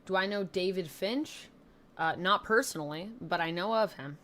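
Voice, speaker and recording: A young Canadian woman with a slight Southern twang chats on a live stream from her home desk mic, rambling and making fun of herself. She uses a lowish, fairly bright voice at a normal speed.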